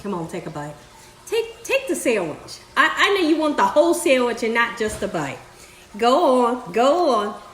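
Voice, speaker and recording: Woman host, bubbly cooking-show energy, voice sits a bit high, roomy kitchen sound. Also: big pitch swings, normal speed, a little hiss or hum. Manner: exuberant, talks straight to viewers with exclamations. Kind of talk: home cooking demonstration. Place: home kitchen. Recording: echoey kitchen.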